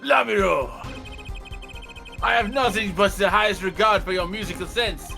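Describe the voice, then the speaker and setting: A smooth, self-assured prosecutor played by a man speaks in an exaggerated fake German accent in a fan game dub. The voice is high and bright, theatrical and a little smug. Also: moderate pace, soft background music, exaggerated voice. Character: suave, smug young male prosecutor. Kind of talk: casual fan voice-over of a game.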